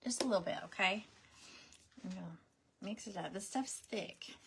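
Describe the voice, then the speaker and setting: A woman's voice: moderate pace, creaky, slight background noise. A middle-aged woman, chatting casually and rambling through stories while she crafts on a livestream. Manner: rambling, animated, acts out quoted voices in a high pitch.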